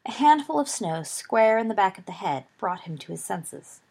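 A woman reading a story aloud in a steady, expressive narration. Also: mid-range voice, normal speed, vocal fry, slightly rough. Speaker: audiobook reader.

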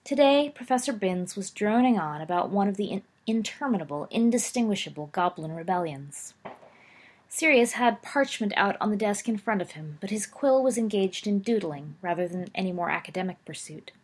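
A woman narrating a story aloud, expressive with occasional slips and self-corrections. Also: medium pitch, normal speed. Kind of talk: audiobook narration of fan fiction.

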